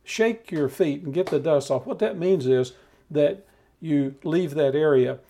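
A man preaching a steady, measured Bible teaching, talking the listener through scripture. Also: on the high side. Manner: calm measured teaching with occasional restarts.

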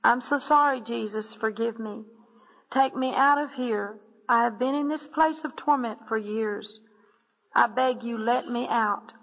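A woman's voice: a little high, unhurried, a bit bright, in a large hall, low-quality recording. A woman reading aloud the desperate, pleading words of a sobbing man suffering in torment.

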